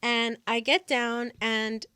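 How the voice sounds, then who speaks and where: Young woman podcast host: animated, dramatic casual storyteller with a slightly high voice, close and dry. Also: slow pace, smooth, no echo.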